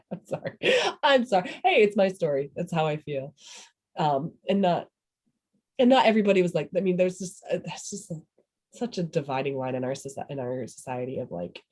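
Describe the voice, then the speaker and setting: In a casual oral history interview, this mother or father figure, a woman and parent, rambles and keeps interrupting herself, laughing frequently. She has a lowish, animated voice with a darkish tone, speaking at a moderate pace and pausing often.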